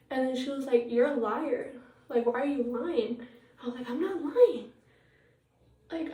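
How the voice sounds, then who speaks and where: A teenage girl vlogs a casual get-ready-with-me chat in her home bathroom, her voice high but dark in tone. She rambles with lots of fillers and retells what other people said. A tablet propped a little far away picks her up, so the sound is echoey and distant.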